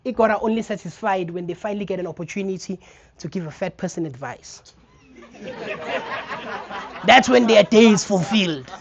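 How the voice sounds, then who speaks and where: This young comic with a South African accent tells stories onstage at a comedy theater, vividly acting out each scene. His voice sits high, and the audio is dull with background noise.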